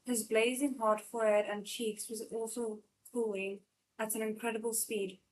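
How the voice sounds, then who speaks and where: A woman's voice: fairly high pitch, flat delivery, moderate pace, rough recording. A woman hosting a live read-along of a novel, narrating steadily with frequent small slips and restarts. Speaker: channel host and reader.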